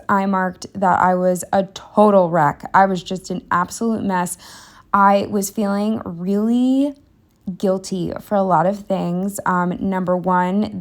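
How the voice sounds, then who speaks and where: Young woman vlogger, mid pitch, candid rambling voice-over, a bit breathless. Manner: candid, self-deprecating, rambling with fillers. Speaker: planner vlogger. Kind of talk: casual voice-over narration.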